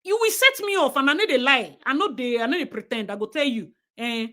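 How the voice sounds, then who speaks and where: Young Nigerian woman, livestream host, slightly high voice, blunt and outspoken. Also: animated, brisk, sharp tone. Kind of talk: casual livestream commentary.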